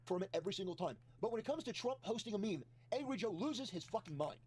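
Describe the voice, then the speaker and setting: A man's voice: high-pitched, lively intonation, quick pace, a little mellow, breathy edge. A man delivering an indignant, accusatory rant in video commentary.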